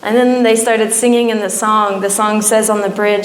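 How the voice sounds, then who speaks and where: A woman's voice: medium pitch, steady tone, normal speed, hardly any pauses. A young woman giving an emotional personal testimony at a church, her storytelling rising at times into pleading. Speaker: church speaker. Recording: echoey church hall.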